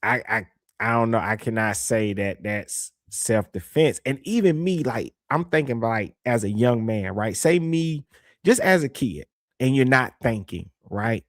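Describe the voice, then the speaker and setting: A young man, hosting a livestream and giving casual, opinionated commentary in a slangy, animated way that repeats points for emphasis. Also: medium pitch, measured pace, no echo, studio quality. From Southern United States. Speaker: livestream host reading super chats.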